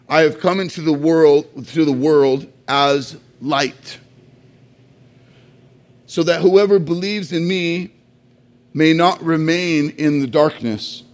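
A man pastor preaching a sermon, earnest, slowing down to stress key phrases and sometimes repeating words. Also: a little high, a little mellow.

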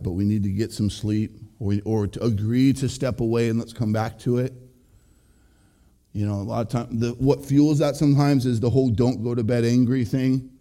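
A man's voice: mid-range voice, dark tone. A middle-aged man, a pastor, giving a conversational, earnest sermon and speaking straight to his listeners. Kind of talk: sermon on marriage.

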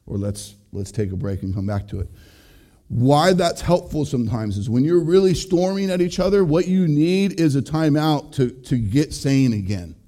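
A man's voice: medium pitch, animated, moderate pace, warm tone. A middle-aged man, a pastor, giving a conversational, earnest sermon and speaking straight to his listeners. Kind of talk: sermon on marriage.

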